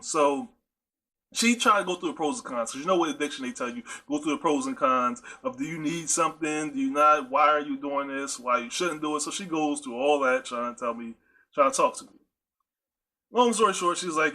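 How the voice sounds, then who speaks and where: A man hosts a podcast in a casual, chatty monologue, speaking straight to his listeners and often repeating himself with playful asides. His voice is a little high, bright and forceful, and he talks fairly quickly. He is an adult with a nephew in high school.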